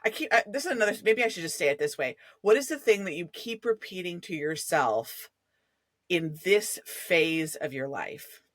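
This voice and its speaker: A woman's voice: lowish voice, expressive, normal speed, fairly bright tone, no echo. Chatty middle-aged woman host, dry sound. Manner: chatty and effusive. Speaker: podcast host. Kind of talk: conversational interview.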